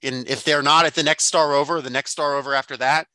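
Guy cohosting a book podcast, bright voice, rambles thoughtfully w lots of ums, dry close sound. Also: on the high side, steady tone, quick pace, no room sound. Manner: thoughtful, rambling, many fillers and restarts. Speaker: podcast co-host. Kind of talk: casual book discussion.

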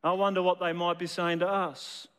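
High-voiced preacher telling a story. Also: male voice, little pitch movement, normal speed, a bit bright, clean tone, big-room sound. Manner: storytelling, repeats words as he builds. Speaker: pastor. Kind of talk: sermon.

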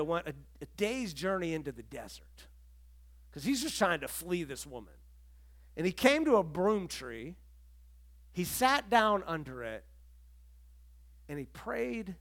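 A man's voice: fairly high pitch, fairly bright tone. A middle-aged man preaching a sermon as pastor, telling stories in a conversational way and acting out the quotes. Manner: conversational storytelling, acts out quotes.

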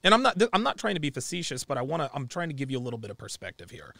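A man's voice: on the high side, very animated, rapid-fire, vocal fry, sharp tone, dry recording. A man hosting a call-in show, talking bluntly and restarting his words as he argues his point. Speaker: host taking calls.

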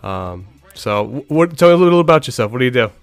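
A man's voice: medium pitch, very animated, fast talker, no echo, faint music behind. A middle-aged man hosting a podcast, telling stories in a rambling way with many restarts. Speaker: podcast host. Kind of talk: casual podcast storytelling.

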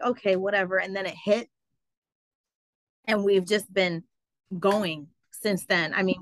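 A woman telling her story as an interview guest, animated and full of fillers like "like" and "um". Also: medium pitch, dry recording, rough recording. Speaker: guest, travel business owner. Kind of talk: casual interview.

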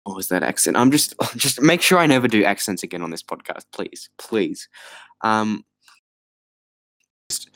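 A man's voice: on the low side, big pitch swings, moderate pace, long pauses, a bit bright, dry recording, poor audio. A man co-hosting a podcast, chatting casually about a bad movie with rambling, exasperated asides and laughter. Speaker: podcast co-host. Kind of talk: casual movie review chat.

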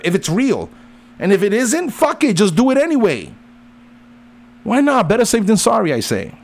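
Swearing nonstop, a middle-aged man, a father, delivers a heated rant. As he lectures, his pitch keeps leaping up and down.

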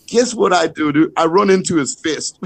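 A man's voice: a little high, moderate pace, gravelly, no room sound. A man on a podcast telling crude childhood stories in casual banter, laughing often. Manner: laughing, crude, animated storyteller. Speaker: podcast co-host.

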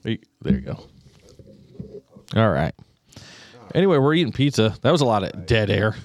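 A man's voice: fairly low pitch, very animated, normal speed. A man hosting a podcast in casual chat, laid-back, laughing often and swearing casually. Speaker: podcast host. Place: small home studio.

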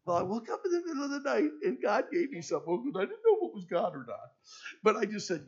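A male preacher telling a story in a sermon to teenagers, swinging between hushed and loud, on a dull lo-fi recording. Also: sits high, wildly swooping pitch, fast, slightly rough.

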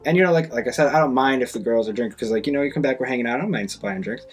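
A man hosting a podcast, telling a story in casual chat, animated, acting out other people's lines and swearing freely. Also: rapid-fire, breathy edge, faint music behind. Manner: animated, acts out quoted voices with big pitch jumps. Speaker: podcast host.

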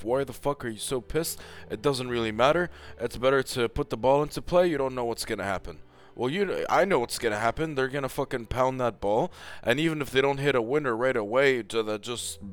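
Heated, profane man ranting about tennis. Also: medium pitch. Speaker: tennis commentator. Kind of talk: casual opinionated rant.

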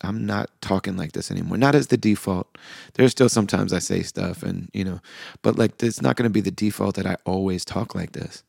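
Deep, gravelly-voiced man telling a heartfelt story. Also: fairly quick, dry recording, clean studio sound. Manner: soft-spoken, heartfelt, with frequent fillers and quoted dialogue. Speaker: podcast host. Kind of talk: reflective personal storytelling.

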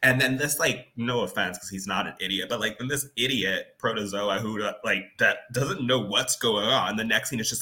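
A man's voice: lowish voice, normal speed, hardly any pauses. A man co-hosting a podcast, chatting casually about a movie with lots of "like" fillers. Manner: animated, many "like" fillers. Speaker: podcast co-host. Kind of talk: casual movie recap chat.

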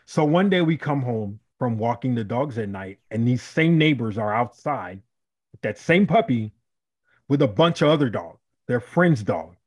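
Profane, animated man telling a story. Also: mid-range voice, moderate pace, slightly rough. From Chicago. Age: adult, married. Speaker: podcast co-host. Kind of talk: casual storytelling chat.

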